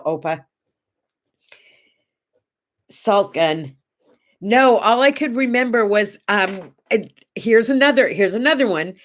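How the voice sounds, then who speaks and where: Middle-aged lady host, chatty and tender, rambly morning talk, mid-pitch voice. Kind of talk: casual morning chat show.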